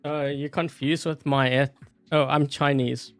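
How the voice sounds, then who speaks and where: A man's voice: on the high side, flat delivery, measured pace, soft background music. A man with a South African accent giving rambling, casual gameplay commentary, full of fillers and laughing often. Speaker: gameplay YouTuber.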